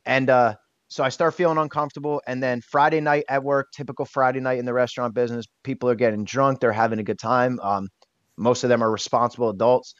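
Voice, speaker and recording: He talks fast with a medium pitch and fairly even intonation. A podcast guest in his thirties, he tells a personal story emotionally and bluntly, cursing casually and often starting over; the sound is dull, dry and lo-fi with no room sound.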